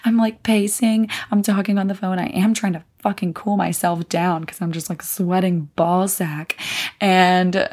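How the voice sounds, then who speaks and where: A woman's voice: lowish voice, fairly even intonation, a little slow, darkish tone. A young woman hosting a podcast, telling a long personal story in a rambling, profane way and laughing often. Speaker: podcast host. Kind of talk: casual storytelling monologue.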